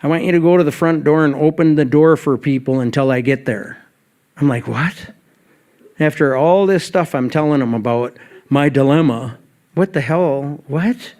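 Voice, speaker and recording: Guy sharing his story at a meeting, kinda high voice, plays out the back-and-forth. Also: fairly quick, a little mellow. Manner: conversational, acts out both sides of remembered dialogue. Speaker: guest speaker at a recovery meeting. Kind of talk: storytelling talk.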